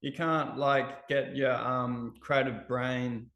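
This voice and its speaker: A man hosting an interview over a video call, encouraging his guest and asking halting questions. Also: mid-range voice, steady tone, a bit bright. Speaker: interview host. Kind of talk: casual interview chat. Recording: echoey room.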